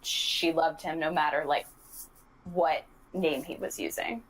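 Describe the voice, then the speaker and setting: A woman's voice: low-pitched, steady tone, measured pace, poor audio. A woman player on a podcast Q&A, chatting casually and emphatically. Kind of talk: podcast Q&A chat.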